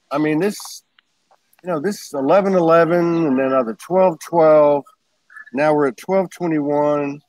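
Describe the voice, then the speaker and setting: A man's voice: a little high, darkish tone, low-quality recording. A man hosting a casual livestream chat over a video call, talking in a rambling way and laughing often. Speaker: host.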